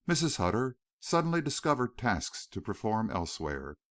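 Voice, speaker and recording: A man's voice: on the low side, very animated, moderate pace, a bit bright, dry recording, clean studio sound. A man reading a novel aloud as an audiobook narrator, telling the story expressively. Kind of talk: scripted narration.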